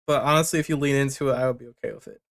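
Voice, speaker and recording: Reviewing submitted tracks bluntly on his livestream, the young producer jokes casually and swears. He talks at a racing pace in a medium-pitched, steady voice with vocal fry.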